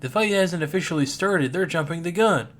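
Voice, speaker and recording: A man reading a comic aloud, narrating the action in an excitable, lively way. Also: a little high, fairly quick. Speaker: comic reader.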